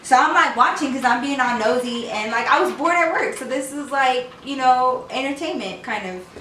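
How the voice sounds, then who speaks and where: A young woman talks straight to her camera, telling a story in a loose, slangy way and acting out what everyone said. Her voice is bright and sits a little high for a woman. The mic is a bit away from her, so the room echoes around her. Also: normal speed, distant mic, a little hiss or hum. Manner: animated, slangy storyteller who acts out quotes. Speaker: vlogger.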